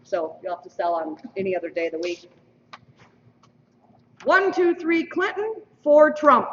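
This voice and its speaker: Lively woman emceeing in a distant hall. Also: sits high, moderate pace, long pauses, slight background noise. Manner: playful, teasing trivia asides. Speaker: emcee of a school mock election. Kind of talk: lively announcing to an audience. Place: school hall. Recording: dull lo-fi stream, roomy hall from afar.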